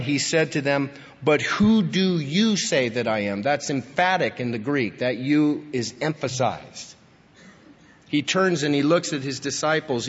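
A man preaching a sermon in a church, his husky voice carrying a long hall reverb. He is emphatic, pushing up to stress points and sinking low after them. The recording sounds dull and lo-fi. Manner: emphatic, rising to stress key points then dropping low. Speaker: pastor.

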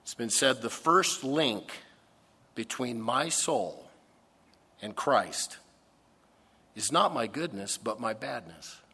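Male preacher, mid-pitched, emphatic sermon delivery with long reverb of a large hall. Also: expressive, bright, forceful tone, slightly rough. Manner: earnest, emphatic preaching with dramatic pauses.

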